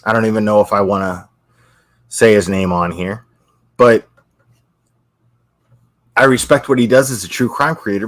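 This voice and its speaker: A man's voice: fairly low pitch, a little slow, long pauses, fairly bright tone, dry recording. Swearing, ranting man with a dry sound. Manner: profane, repetitive, confrontational. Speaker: YouTube creator. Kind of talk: angry livestream rant.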